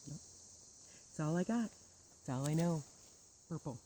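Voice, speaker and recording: A woman's voice: deep voice, lively intonation, moderate pace, mellow, slight background noise, low-quality recording. A woman telling a personal grievance story in a bitter, sarcastic monologue with wry laughs. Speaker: churchgoer recounting grievances.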